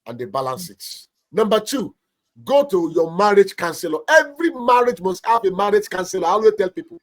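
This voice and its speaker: High-voiced Nigerian pastor giving emphatic advice. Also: male voice, big pitch swings, a little fast. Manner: emphatic, preacherly, acts out little anecdotes. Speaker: pastor and marriage counselor. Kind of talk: marriage advice on a talk show.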